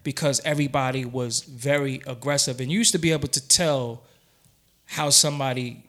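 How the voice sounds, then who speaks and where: A man's voice: medium pitch, steady tone, normal speed, a bit bright. A man co-hosting a podcast in casual chat, telling blunt, profane stories about the old days. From Brooklyn, New York. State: has been drinking. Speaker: podcast co-host.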